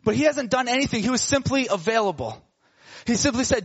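Male preacher, high voice, animated storyteller, slangy and playful, dull lo-fi recording. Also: a little fast, vocal fry, breathy edge. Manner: animated, acts out characters in casual slang. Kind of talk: sermon storytelling.

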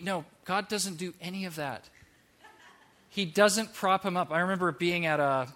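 A male pastor preaching from the pulpit with an animated, lively delivery. His voice is bright and forceful and sits a touch above the usual male pitch. He mixes earnest points with playful mock voices. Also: moderate pace. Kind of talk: sermon.

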